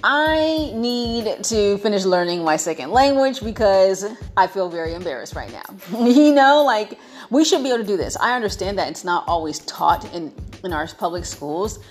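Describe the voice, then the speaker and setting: A woman's voice: medium pitch, sing-song, normal speed, soft background music. A young American woman chatting to her viewers in a playful, emphatic way, piling up repetitions for effect. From United States. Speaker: vlogger. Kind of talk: casual chat to viewers.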